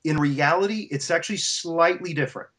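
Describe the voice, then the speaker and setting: A man who works as a voice actor and coach gives advice as an interview guest, speaking on the high side and a little fast. He is animated and explanatory, often restarting his sentences.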